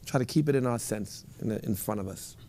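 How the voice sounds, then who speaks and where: A man guiding a group through a meditation, speaking in a relaxed, instructive way and repeating his phrases. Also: fairly low pitch, fairly quick. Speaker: meditation teacher. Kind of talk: guided meditation with a live group.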